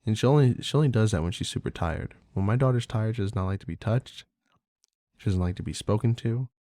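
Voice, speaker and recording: A man's voice: lowish voice, quick pace, dark tone, dry recording, studio quality. A man hosting a podcast, talking casually and candidly in a rambling way, swearing freely with lots of fillers. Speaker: podcast host. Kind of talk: casual monologue.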